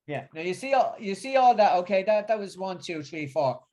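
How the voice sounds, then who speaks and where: A middle-aged man with a Northern English accent talks about faith in a voice that sits a little high. His speech is halting and full of repeats and fillers, as he shifts from reading a prepared talk to casual chat. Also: lively intonation, mellow. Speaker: religious speaker.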